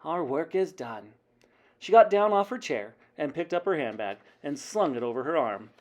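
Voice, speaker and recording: A man reading a children's book aloud in a dramatic, animated way, like a teacher at story time. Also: on the high side, fairly quick.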